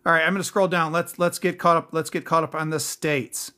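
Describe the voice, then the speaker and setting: A man's voice: a little high, level tone, brisk, bright, forceful tone. A man hosting a casual livestream, reading out viewer names and comments in an upbeat, thankful way. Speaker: livestream host.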